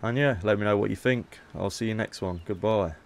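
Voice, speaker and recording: A man's voice: lowish voice, a little fast, vocal fry. A man casually commentating gameplay as a YouTuber, chatty and playful. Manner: chatty, playful, haggling asides. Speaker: gaming YouTuber.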